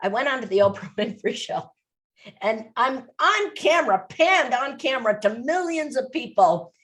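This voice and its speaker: A woman's voice: high-pitched, normal speed. Emphatic woman telling her story. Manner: emphatic, animated storytelling with repetition. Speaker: podcast guest. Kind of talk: interview.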